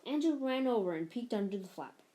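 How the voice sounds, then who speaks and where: A woman narrating a children's picture book aloud in an expressive storytelling manner. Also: a little high, brisk, a little hiss or hum. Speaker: storybook reader.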